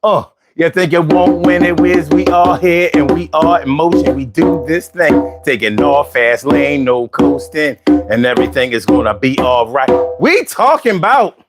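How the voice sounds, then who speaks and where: High, lively-voiced male livestream host. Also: moderate pace, few pauses, over loud music. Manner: slangy, repeats phrases, asks the audience rhetorical questions. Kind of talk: casual livestream talk to chat viewers.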